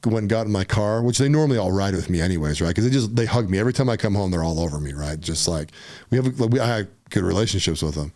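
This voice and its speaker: Low-voiced man telling a story. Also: very fast. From Utah. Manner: animated, conversational, often says "dude" and "right?". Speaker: podcast guest. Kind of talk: casual storytelling.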